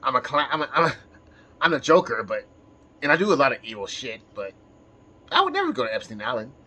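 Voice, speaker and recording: A man's voice: medium pitch, huge pitch swings, fast, sharp tone, exaggerated voice. A man putting on the voice of an unhinged, menacing male clown villain, mocking and full of giggling asides.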